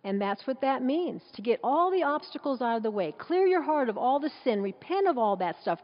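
A woman's voice: high voice, big pitch swings, a little fast, hardly any pauses. A woman preaching a sermon in an emphatic, conversational way, full of rhetorical questions, with a dull sound in a large echoing hall.

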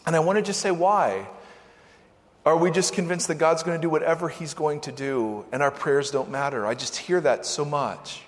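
A man preaching a sermon as pastor, animated, acting out the voices in the scripture he reads. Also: on the high side, moderate pace. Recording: long hall reverb.

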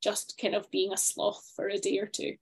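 A woman's voice: mid-range voice, monotone, normal speed, vocal fry, slightly rough. A woman co-hosting a podcast, talking in a reflective, chatty way with plenty of fillers and restarts. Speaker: podcast co-host. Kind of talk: casual chat.

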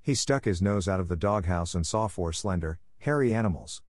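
Low-voiced man reading a storybook. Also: animated, brisk, dry recording, studio quality. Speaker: audiobook narrator. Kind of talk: scripted storybook narration.

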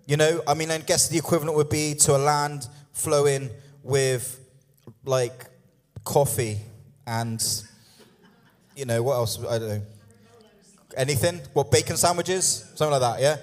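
A man's voice: fairly high pitch, steady tone, measured pace, long pauses. A man preaching a sermon in a conversational way, with humorous asides and frequent "yeah?" and "okay?" check-ins. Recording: long hall reverb.

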